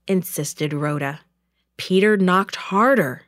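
A woman narrating a children's Bible story with an expressive, clear reading. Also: sits low, measured pace, no echo, studio quality.

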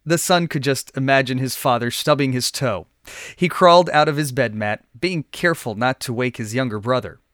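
A man hosting a children's Bible lesson podcast, reading a story aloud in a clear, friendly storytelling voice. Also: medium pitch, normal speed, fairly bright tone, dry recording, studio quality. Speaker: podcast lesson host and narrator. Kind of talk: scripted narration.

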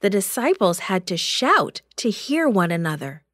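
A woman narrating a Bible story for children in a slow, clear and expressive way. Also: medium pitch, no room sound, studio quality.

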